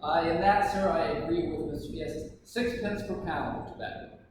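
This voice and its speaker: An actor playing a modest, hesitant merchant on the witness stand in a live courtroom reenactment, speaking deferentially. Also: male voice, fairly high pitch, moderate pace, natural voice. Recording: echoey hall, distant mic, loud noise.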